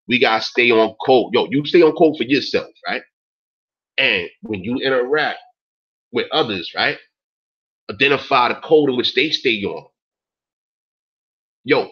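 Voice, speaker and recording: A man in his forties with a husky, breathy voice and mid-range pitch. He hosts a talk stream and rants emphatically, swearing freely and throwing in "yo" and "man". The recording sounds dull and lo-fi. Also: fairly bright tone. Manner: profane, emphatic, repeats "yo" and "man". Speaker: host. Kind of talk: casual rant on a talk stream.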